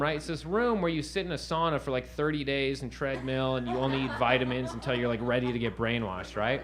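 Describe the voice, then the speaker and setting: Profane comedian, laughing crowd behind. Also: male voice, medium pitch, quick pace, few pauses. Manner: profane, rambling, keeps asking the crowd "right?". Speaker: stand-up comedian. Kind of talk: stand-up storytelling. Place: comedy stage before a live audience. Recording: live room with audience laughter.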